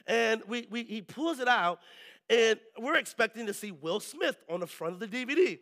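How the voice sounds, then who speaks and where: A male pastor preaching a sermon, telling lively stories and often checking in with the congregation. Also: very high-pitched, moderate pace. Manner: lively storytelling, keeps asking the crowd "right?".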